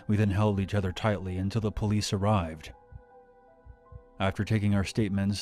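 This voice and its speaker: In a lowish voice, the narrator reads a written horror story aloud at an even, measured pace. Quiet music runs underneath his reading.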